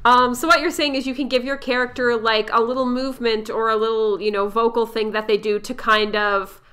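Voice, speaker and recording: Bright-voiced woman hosting a podcast. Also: on the high side, level tone, brisk. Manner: curious, asks questions and recaps. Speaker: podcast host. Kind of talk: casual podcast interview.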